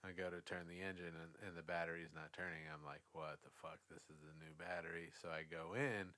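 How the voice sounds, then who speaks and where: A man's voice: deep voice, steady tone, fast, bright, forceful tone. A man telling a long, profane story in casual chat, acting out what people said. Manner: rambling, profane, acts out quotes.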